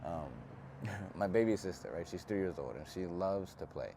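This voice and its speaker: A man's voice: sits low, animated, normal speed, warm tone, a little hiss or hum. A young man giving an earnest, casual self-help talk to camera, reflective and slangy.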